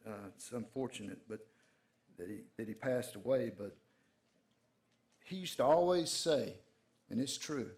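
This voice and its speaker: A man's voice: mid-range voice, measured pace, long pauses, darkish tone. A middle-aged man from Georgia with a Southern accent, giving a folksy, joking political speech on a panel. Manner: folksy, joking, uses y'all. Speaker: panel speaker.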